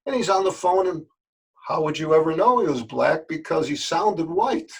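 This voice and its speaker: Older man with a gravelly, husky voice. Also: a little high, lively intonation, normal speed. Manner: folksy, earnest, repeats words for emphasis. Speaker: yoga teacher. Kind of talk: spoken address to camera.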